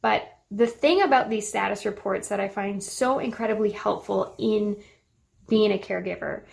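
Female host, 30s, higher register with a gravelly edge, earnest motivational delivery. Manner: earnest, encouraging, laughs now and then. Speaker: podcast host. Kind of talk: motivational self-help talk.

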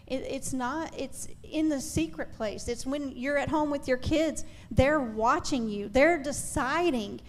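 A woman's voice: sits high, a little slow, few pauses, slight background noise. A middle-aged woman on a faith-based talk show, speaking earnestly and encouragingly to mothers, with frequent small restarts.

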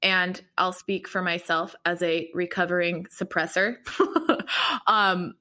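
A woman hosting a podcast interview, talking reflectively in a halting way. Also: on the low side, steady tone, sharp tone. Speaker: podcast host. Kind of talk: conversational interview.

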